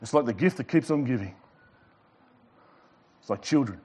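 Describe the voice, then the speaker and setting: A male pastor preaching a sermon to a church congregation. He swings between loud emphasis and quiet passages, with light joking asides. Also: mid-range voice, lively intonation, normal speed, husky. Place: church service before a congregation.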